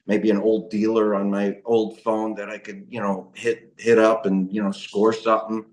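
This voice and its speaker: A man's voice: on the low side, little pitch movement, normal speed, a little mellow. Emotional man, rambling testimony, echoey. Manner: emotional, rambling, frequent restarts and "you know". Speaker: speaker sharing his recovery story. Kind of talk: personal testimony talk.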